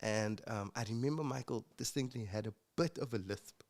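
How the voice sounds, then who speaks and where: A man from Africa, a podcast guest telling his story in a casual, reflective way, pausing with fillers and restarts. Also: mid-range voice, a little mellow. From South Africa.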